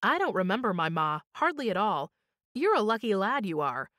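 A woman reading aloud, voicing a burly, gruff sailor who grumbles. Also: mid-range voice, very animated, normal speed, fairly bright tone, no room sound, clean studio sound. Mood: tearful.

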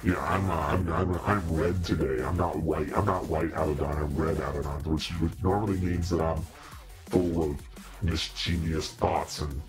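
A man's voice: a bass voice, fairly even intonation, normal speed, over music. A man in a casual live-stream chat with viewers, playful and mock-preachy, laughing often. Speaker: costumed demon-character livestreamer.

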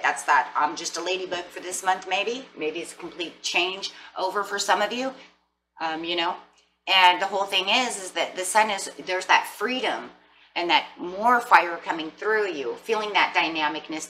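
Playful, bright-voiced woman reading tarot. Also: fairly low pitch, recorded from a distance, a little hiss or hum. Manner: playful, sassy, chatty with laughs. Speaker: tarot reader.

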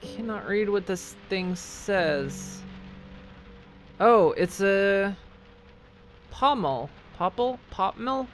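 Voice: mid-range voice, animated, extremely slow, long pauses, a little hiss or hum. A gamer giving curious, muttering let's play commentary, with casual swearing while exploring. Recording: voice over game music.

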